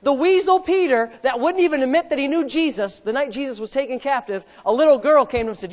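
A man, a pastor, preaching a sermon with emphatic delivery that swings from soft asides to loud shouts, joking with the congregation now and then. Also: very high-pitched, quick pace, hardly any pauses. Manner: jokes with the congregation.

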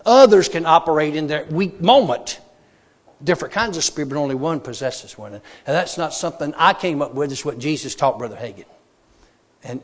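A man's voice: on the high side, big-room sound. A man preacher giving a sermon testimony to a congregation, telling his story in a folksy, emphatic way.

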